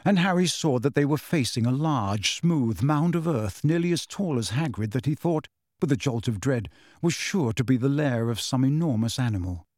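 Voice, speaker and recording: A man narrating a fantasy novel in a measured, expressive storytelling manner. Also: mid-range voice, no echo, studio quality. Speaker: audiobook narrator.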